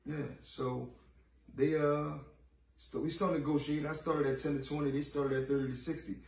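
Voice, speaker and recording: A man's voice: fairly high pitch, level tone, normal speed, vocal fry, a little mellow, distant mic. A man in his late thirties, a podcast interview guest, telling his story in blunt, profane street talk and acting out the voices of others. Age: 30s. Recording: roomy echo, off-mic, faint ambience.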